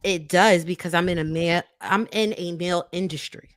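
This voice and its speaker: A woman's voice: on the low side, steady tone, fairly quick, no echo, studio quality. A woman on a podcast panel making a firm, matter-of-fact rebuttal. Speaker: panel guest. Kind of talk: casual group discussion.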